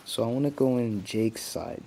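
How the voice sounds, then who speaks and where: A man's voice: medium pitch, normal speed, vocal fry, dark tone, slight background noise. A young man giving a casual, rambling rant, full of "like" and restarts. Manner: rambling, heavy use of "like", many restarts. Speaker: vlogger.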